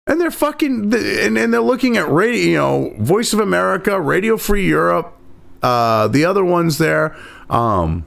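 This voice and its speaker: A man's voice: high voice, expressive, moderate pace, vocal fry, a bit bright. A man hosting a heated, profane political commentary, talking sarcastically and swearing constantly.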